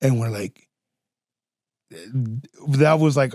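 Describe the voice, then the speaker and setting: Male podcast host; casual, profane storyteller who acts out his stories; a bit high-pitched, dry sound. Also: lively intonation, moderate pace, a little mellow, dry recording. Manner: slangy and profane, peppers talk with "fool" and "dog".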